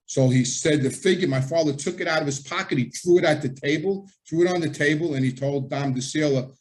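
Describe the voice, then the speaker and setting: A man's voice: mid-range voice, a little fast, a little mellow. A middle-aged man, telling a story as a podcast host, acting out the voices he quotes and swearing freely.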